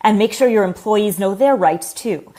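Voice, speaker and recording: A woman narrating a newspaper explainer video in a scripted, even, advisory tone. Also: mid-range voice, normal speed.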